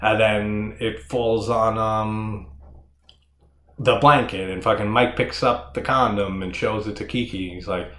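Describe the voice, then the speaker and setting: A man's voice: lowish voice, fairly even intonation, a little slow, sharp tone. A man reviewing a horror movie in casual, rambling talk, swearing often and laughing as he goes. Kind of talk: casual solo movie discussion. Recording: echoey room.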